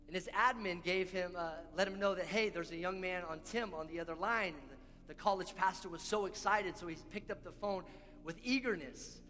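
A man's voice: high voice, brisk, bright, forceful tone. A man preaching a sermon as pastor, earnest and repeating key lines for emphasis. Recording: long hall reverb with faint music.

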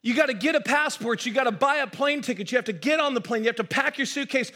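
A man's voice: very high-pitched, fast talker, sharp tone. A middle-aged American man preaching a sermon to his congregation in a conversational way, with self-deprecating asides and repeated words as he builds a point. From United States. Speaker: pastor. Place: church hall.

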